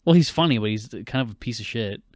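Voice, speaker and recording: Animated young man with a smooth, dry voice. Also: medium pitch, dry recording. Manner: animated, swears a lot, quick bursts. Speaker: podcast co-host. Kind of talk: casual film chat.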